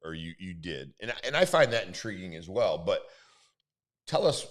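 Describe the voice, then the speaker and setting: A man hosting a talk show, asking a guest questions in a relaxed, searching way. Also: low-pitched, normal speed. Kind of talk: casual interview.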